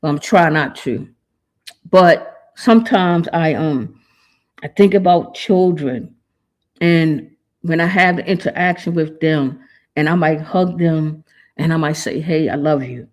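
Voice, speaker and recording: A woman's voice: sits low, a little slow, a little mellow. Woman, podcast host, heartfelt monologue, casual slang, holding back tears. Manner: earnest and casual, with informal slang.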